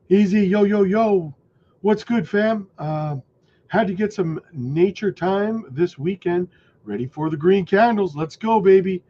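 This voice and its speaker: Male livestream host, hoarse, chatty, a bit high-pitched, dull lo-fi sound. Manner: chatty, shouts out viewers by name. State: voice going hoarse. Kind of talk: casual livestream chat reading comments. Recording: dull lo-fi audio.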